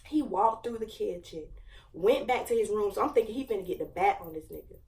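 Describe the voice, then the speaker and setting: A woman's voice: mid-range voice, expressive, a little fast, darkish tone, recorded from a distance. A young woman in her late teens, casually telling a dramatic storytime with lots of slang and fillers. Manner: chatty, slangy, dramatic retelling. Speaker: vlogger.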